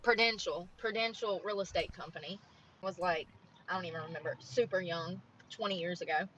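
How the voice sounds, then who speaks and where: Late-30s woman streamer, bright edge, talks plainly and rambles; muffled lo-fi sound. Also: lowish voice, brisk, a little hiss or hum. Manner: plain-spoken, rambling, frank about money. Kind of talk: casual chat to viewers. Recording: dull lo-fi stream audio.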